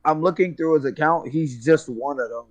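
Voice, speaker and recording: Slangy man chiming in on a stream. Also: a little high. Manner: quick interjections, slangy. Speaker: friend on stream. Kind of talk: casual chat.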